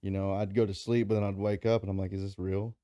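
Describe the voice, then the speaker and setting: A man's voice: fairly low pitch, level tone, quick pace, mellow, clean tone, dry recording, studio quality. A man guesting on a casual podcast, trading jokes and profane stories in a laid-back way. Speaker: podcast guest, co-host of another podcast.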